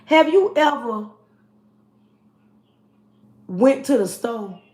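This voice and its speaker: A woman's voice: on the high side, lively intonation, very slow, darkish tone. A woman in her forties giving an emphatic, preachy livestream monologue, talking straight to her viewers. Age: 40s. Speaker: livestream host. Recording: roomy echo.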